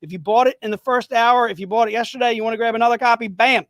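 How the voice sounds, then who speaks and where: A man running a live sales stream in a high, bright-sounding register, cracking jokes and pushing each item with hyped, rapid-fire patter. The sound is dry and close, with no room echo. He talks casually and keeps the energy up. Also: steady tone.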